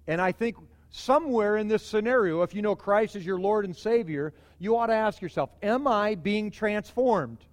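Man, pastor, middle-aged, high voice, conversational sermon, long church reverb. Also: normal speed, hardly any pauses. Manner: conversational preaching, animated emphasis.

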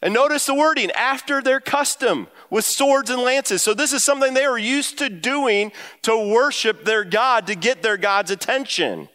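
Animated high-voiced male preacher in a hall. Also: normal speed, few pauses. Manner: animated, rising pitch when quoting and emphasizing. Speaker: pastor. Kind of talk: sermon. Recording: long hall reverb.

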